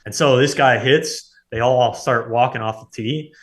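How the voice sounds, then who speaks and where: A man in his thirties, a former hockey player, telling stories in a relaxed, rambling way, full of filler words. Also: mid-range voice, measured pace. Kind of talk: casual storytelling.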